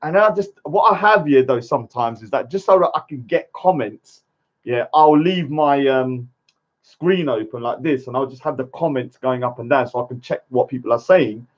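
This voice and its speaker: A man's voice: mid-range voice, normal speed. A man, ranting casually on a livestream and arguing his point, often tagging lines with "yeah?". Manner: argumentative, keeps adding "yeah?" tags. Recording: dull lo-fi stream audio.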